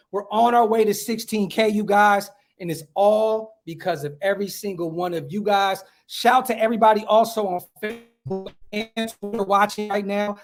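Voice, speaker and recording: A man hosting a casual livestream podcast outdoors at home, talking in hyped slang and giving shout-outs to viewers. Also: high-pitched. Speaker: podcast host.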